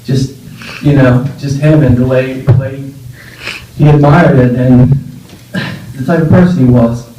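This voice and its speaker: Speaking unhurriedly in a steady, medium-pitched voice, a young man shares loving, meandering memories at a memorial gathering, often laughing and using fillers. The echoey room, faint noise and distant mic shape the sound.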